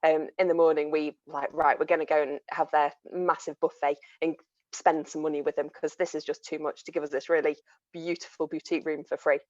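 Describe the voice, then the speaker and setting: A woman with a low voice tells a travel story on a video call, chatty and quick to laugh. The sound is dry and a little muffled, with no room around it. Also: flat delivery, darkish tone, no room sound. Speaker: panelist. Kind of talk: online panel chat.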